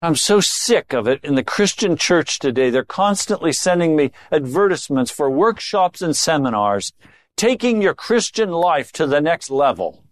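A man preaching a sermon, moving between low confiding remarks and raised, emphatic exhortation. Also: big pitch swings, moderate pace, no room sound, studio quality. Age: older.

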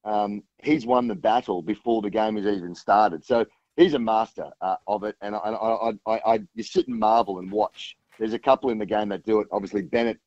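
A man's voice: on the low side, fairly quick, a little mellow, dry recording, muffled recording. A man talking rugby as a guest on a sports radio show, rambling with many restarts. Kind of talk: casual radio chat.

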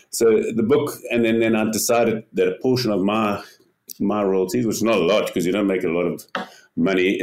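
An older man, a podcast guest, talking in casual interview style, telling stories energetically, often repeating words and acting out what others said. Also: fairly low pitch. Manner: animated storyteller, repeats words, acts out quotes. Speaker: podcast guest, ocean paddler.

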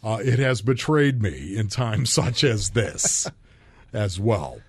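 A low, husky man's voice from Buffalo, New York, belonging to a former football player telling personal stories as a podcast guest. He speaks earnestly and lets his emotion show openly. The sound is dry and close. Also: expressive, slow pace, no room sound. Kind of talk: candid personal storytelling.

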